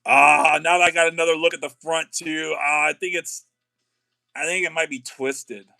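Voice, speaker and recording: A middle-aged man, chatting excitedly on a live card-opening stream. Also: on the high side, moderate pace, gravelly. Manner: excitable, says y'all a lot.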